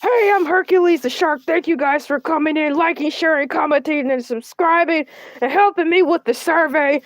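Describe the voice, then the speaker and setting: A woman's voice: high voice, normal speed, no echo, close to an everyday voice. A woman playing a boastful, needy male shark who hosts a comedic talk show, whiny and rambling. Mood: indignant. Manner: whiny, self-centered, rambling. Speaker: host. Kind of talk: comedic character livestream.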